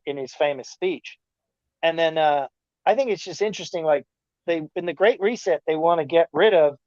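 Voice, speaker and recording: A man talking as a podcast guest in a rambling, animated rant, often slipping into mocking quoted voices. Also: a little high, dry recording, lo-fi sound. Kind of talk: casual chat.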